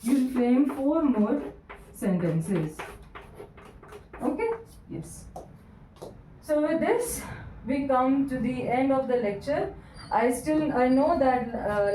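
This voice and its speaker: A woman with an Indian English accent teaching English grammar in a recorded lecture, encouraging her students and dictating answers slowly with repeats. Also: sits high, mellow, far from the mic, slight background noise. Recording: roomy echo, voice from away from the mic.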